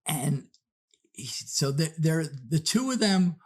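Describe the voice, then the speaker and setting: A man hosting a podcast, telling a story in a casual, animated way and acting out the characters. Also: on the high side, slow pace, husky. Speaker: podcast host.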